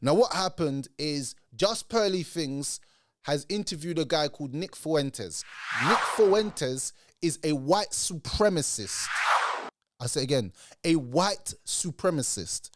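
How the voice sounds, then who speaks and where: A man ranting in reaction commentary, animated and mocking. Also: on the high side, slow pace, no room sound, clean studio sound. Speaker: commentary channel host.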